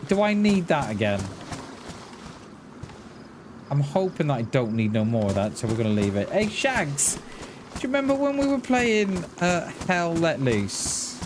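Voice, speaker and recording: A man's voice: fairly high pitch, big pitch swings, moderate pace, noisy background. A man chatting casually on a live game stream, rambling and restarting his words as he talks to his chat. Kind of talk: casual chat while gaming.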